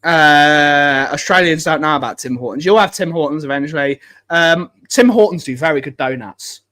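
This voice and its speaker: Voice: medium pitch, moderate pace, a bit bright. A host in a casual live-stream chat, ranting emphatically with strong opinions.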